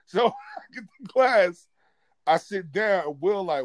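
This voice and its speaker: Loud, excitable male comedian, dry sound. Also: high voice, slow pace, no room sound. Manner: animated, profane storytelling with lots of slang; gets loud and excitable, often laughing mid-sentence. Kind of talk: stand-up storytelling.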